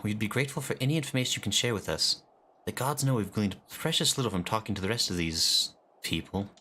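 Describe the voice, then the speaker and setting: A man voicing an earnest young male scholar who speaks in formal, measured phrases. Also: lowish voice, pushed and bright, slight background noise.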